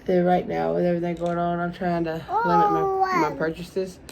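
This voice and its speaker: A woman's voice: on the low side, lively intonation, moderate pace, gravelly, very noisy. A young woman unboxing beauty products in a casual vlog, gushing and emotional and calling her viewers "y'all". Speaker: beauty vlogger.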